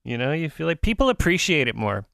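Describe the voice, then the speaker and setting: A man's voice: a little high, sing-song, fast talker, creaky, fairly bright tone, no echo, clean studio sound. A man hosting a podcast, chatting casually and rambling, with many fillers and restarts. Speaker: podcast host. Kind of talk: casual interview and show wrap-up.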